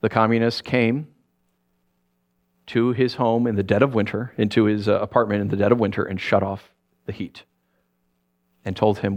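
With a voice on the low side, a middle-aged pastor preaches, telling his stories with humor and animation and quickly adopting put-on voices.

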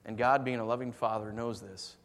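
A man preaching a sermon, swinging from soft, low asides to loud, emphatic passages and telling stories in a conversational way. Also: fairly even intonation, fairly quick, vocal fry. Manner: conversational storytelling with fillers. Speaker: pastor. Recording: long hall reverb.

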